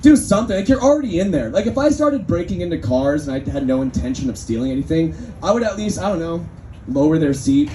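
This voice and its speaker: With a warm, sing-song voice on the slightly high side, this comedian speaks at a quick pace over a little hiss or hum. Hailing from Northern California, he works the crowd in a rambling, conversational way during a restaurant comedy night indoors.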